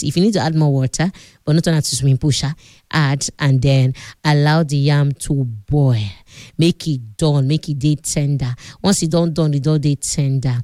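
A chatty Nigerian woman hosts a radio cooking show, walking listeners through each step. Her voice sits on the lower side for a woman, and the studio sound is dry and close. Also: dark tone, dry recording. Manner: chatty, instructive, often laughing. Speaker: radio host.

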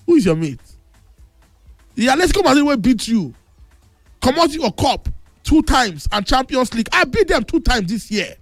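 A man with a Nigerian Pidgin accent hosting a call-in football talk show on the radio, boastful and teasing, now and then bursting into shouts. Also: very high voice, big pitch swings, normal speed, long pauses, no echo, clean studio sound, faint music behind. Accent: Nigerian Pidgin English. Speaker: radio sports show host.

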